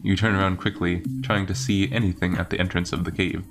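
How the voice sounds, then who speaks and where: Low-voiced guy reading out the game text, steady and calm, game music under it. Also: brisk. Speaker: co-host reading a game aloud.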